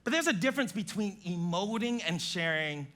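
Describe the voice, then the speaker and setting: Pastor guy preaching in church, real animated, swoops all over, acts out what couples say. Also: high-pitched, moderate pace. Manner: animated, acts out spouses' quotes. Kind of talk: sermon.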